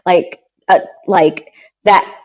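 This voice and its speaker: A woman's voice: lowish voice, fairly even intonation, drawn-out words. Bubbly Midwestern woman guest. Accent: Midwestern American. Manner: bubbly, laughs often, full of "like". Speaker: television co-producer, guest. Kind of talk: casual interview chat.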